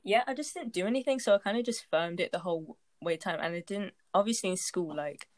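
A young woman in casual chat, relaxed and full of fillers. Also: fairly low pitch, fast talker, dry recording. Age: young adult.

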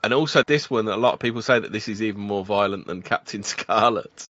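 A man co-hosting a casual podcast, chatty and quick to joke and laugh. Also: fairly low pitch, fairly bright tone, dry recording. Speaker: podcast co-host. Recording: dull dry lo-fi mic.

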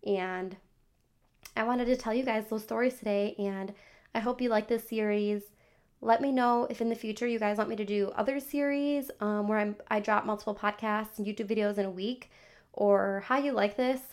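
A woman's voice: mid-range voice, fairly even intonation, normal speed. A young woman hosting her own podcast talks in a loose, chatty storytelling way. She leans on "like" fillers and quotes whole conversations line by line. Her voice sits in a middle register for a woman. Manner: chatty, many "like" fillers, acts out child's replies. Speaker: podcast host. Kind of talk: casual storytelling to camera.

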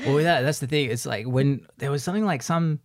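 A man's voice: mid-range voice, fast. A man with an Australian accent, hosting a podcast and chatting casually, laughing often as he tells stories. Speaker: podcast host. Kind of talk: casual chat.

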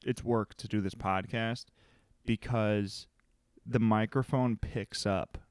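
A man co-hosting a podcast in casual chat, talking loudly and bluntly, with a matter-of-fact way of speaking. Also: on the low side, slow, clear, resonant tone, dry recording, clean studio sound. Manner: loud, animated, matter-of-fact. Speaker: podcast co-host.

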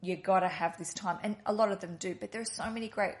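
A woman's voice: medium pitch, fairly even intonation, fast talker. Casting note: woman, podcast host, rambling and reassuring in casual chat.

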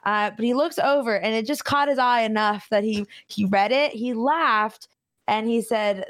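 A woman streamer telling a story in a casual interview, animated and laughing often. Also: on the high side, moderate pace. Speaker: streamer guest.

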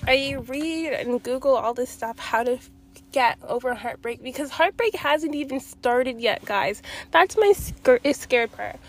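A woman's voice: high-pitched, expressive, unhurried. A young woman vlogging about her breakup, sad and emotional, rambling and swearing as she talks to her viewers. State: sad, near tears. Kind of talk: confessional vlog.

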